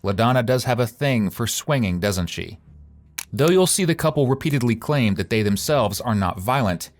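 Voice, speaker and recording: A man's voice: medium pitch, animated, normal speed. A man giving dry, wry scripted true-crime narration.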